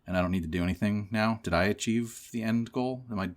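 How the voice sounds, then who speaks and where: Deep-voiced joking man. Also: quick pace. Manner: joking, sarcastic asides. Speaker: podcast co-host. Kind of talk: casual chat.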